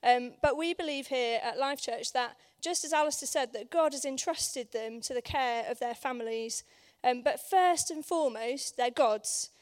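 A woman with a hoarse voice preaching at a church service, talking in a conversational way with many ums and questions put to the congregation. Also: high voice, normal speed, hardly any pauses. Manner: conversational, many ums, asks the room for agreement. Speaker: guest preacher. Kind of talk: informal sermon.

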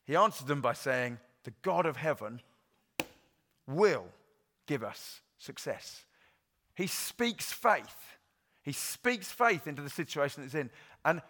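A man's voice: a little high, bright, forceful tone. A middle-aged male pastor from Wales giving an earnest, conversational sermon, with frequent ums and uhs.

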